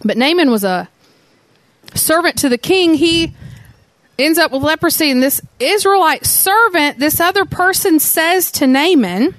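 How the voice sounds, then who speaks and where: A woman preaching a sermon, telling the story in an animated way and asking many rhetorical questions. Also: sits high, unhurried, dry recording.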